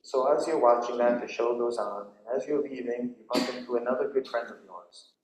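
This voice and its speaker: Male monk, relaxed talk-style sermon, mid-range voice, recorded with hall echo. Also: mid-range voice, fairly quick, slight background noise. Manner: conversational storytelling, many "right?" asides. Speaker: Buddhist monk giving a retreat talk. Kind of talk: dharma talk. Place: temple hall during a retreat.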